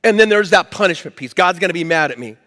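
A man's voice: sits high, animated, quick pace, pushed and bright, in a large hall. A man preaching a sermon as pastor, in a conversational, emphatic way. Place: church hall.

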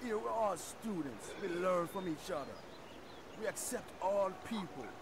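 A man's voice: sits high, animated, a little slow, crowd noise. A man voicing a bohemian poet in a game cutscene, reciting rhymes in a put-on Jamaican accent. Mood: recitative. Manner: sing-song rhyming recitation. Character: bohemian male poet in a village park. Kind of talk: video game cutscene dialogue.

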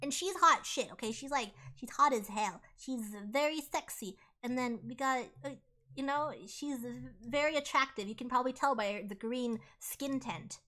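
A woman streamer narrating casually as she plays, animated and rambling, with plenty of swearing. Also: high-pitched, normal speed.

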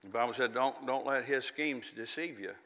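A man's voice: mid-range voice, moderate pace, sharp tone, in a large hall. A man preaching a sermon in a folksy, conversational way, with chatty asides and little laughs.

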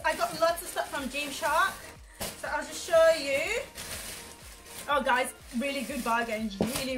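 Young woman rambling thru a clothing haul, bit high voice, bright, lots of ums and giggles. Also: rough recording. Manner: chatty, rambling, with fillers and giggles. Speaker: fashion vlogger. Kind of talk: casual haul video chat.

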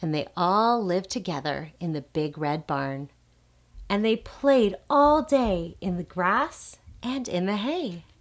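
Slow, sing-song woman reading to toddlers. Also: fairly low pitch, expressive. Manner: sing-song storytelling with questions to the child and animal sounds. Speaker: speech therapist. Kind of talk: reading a picture book aloud to small children.

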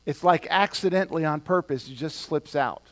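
A male pastor giving a sermon, talking conversationally and building to loud, emphatic points. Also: a little high, normal speed.

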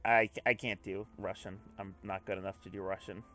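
A man hosting a let's play, reading a visual novel aloud and breaking off into excitable, swearing commentary. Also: on the low side, a little fast, faint music behind. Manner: excitable, swears, jumps between reading and reacting.

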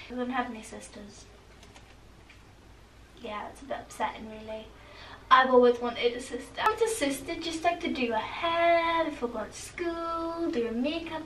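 A woman's voice: high-pitched, a bit bright, a little hiss or hum. A teenage woman, vlogging in a rambling, chatty way, full of "like" and "honestly". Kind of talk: casual talk to camera. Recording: echoey room, mic at a distance.

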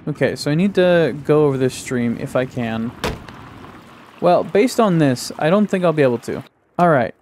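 A man's voice: fairly high pitch, lively intonation, moderate pace, darkish tone, a little hiss or hum. A young man giving jokey let's play commentary on a video game, swearing freely and trash-talking the enemies. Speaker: gaming video creator. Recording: roomy echo with long reverb, music behind. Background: game music.

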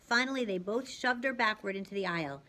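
A woman reading a novel aloud as a reader for her channel, narrating lively and dramatically, dropping at times to a soft hush. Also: mid-range voice, fast talker.

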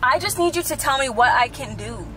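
High-voiced young woman, whiny and pleading. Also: animated, fairly quick, music in the background. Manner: playing ditzy and whiny, pleading. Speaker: vlogger pranking her fiancé. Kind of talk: acted prank phone call and vlog aside.

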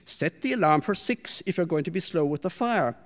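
A man voicing a sharp-tongued, bossy mistress of a house who scolds and gives orders, in a storybook reading. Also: on the low side, animated, fairly quick, long reverb tail, close to an everyday voice. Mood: impatient. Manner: scolding, impatient, commanding.

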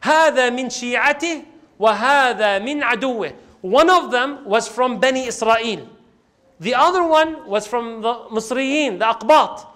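Male lecturer, rapid delivery, dramatizes the story and quizzes the audience as he preaches. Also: very high-pitched. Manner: animated, acts out quoted speech, recites scripture passages; asks the audience questions and answers them. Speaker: religious lecturer.

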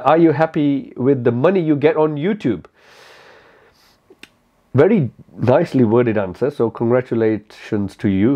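A man's voice: fairly low pitch, lo-fi sound. A man, a motorcycle YouTuber answering viewer questions frankly in a rambling, casual way full of fillers and restarts. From India. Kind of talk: casual Q&A talk to camera.

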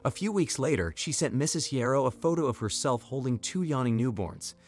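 A man giving scripted story narration in an even, clear delivery. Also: medium pitch, a little fast.

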